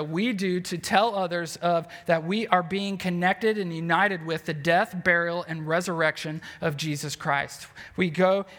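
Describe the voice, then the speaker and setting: A man's voice: sits high, a bit bright, long reverb tail. A man preaching a sermon with earnest emphasis, frequent rhetorical questions and filler words. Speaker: pastor.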